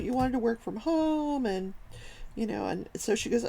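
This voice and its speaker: An older woman hosting a casual talk show, telling a long workplace story and acting out the people in it with lively, animated quoting. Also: a little high, moderate pace, vocal fry, poor audio. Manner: animated, acts out quoted people.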